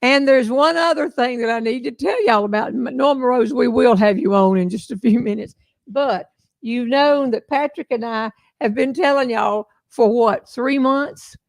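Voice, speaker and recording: An older woman with a Southern American accent talks in a chatty, folksy way. Her voice has a gravelly fry, and it sounds close and dry, with no room around it. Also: a little high, normal speed, dry recording. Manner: folksy, chatty storyteller, laughs often. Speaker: host. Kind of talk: casual livestream chat.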